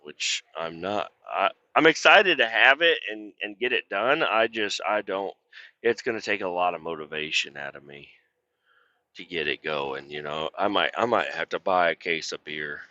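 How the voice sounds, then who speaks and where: A man's voice: deep voice, animated, normal speed, pushed and bright, no room sound, lo-fi sound. Profane, rambling truck-driving man. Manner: profane, rambling storyteller with mimicked voices. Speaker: truck driver vlogger. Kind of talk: casual rambling vlog while driving. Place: inside a truck cab.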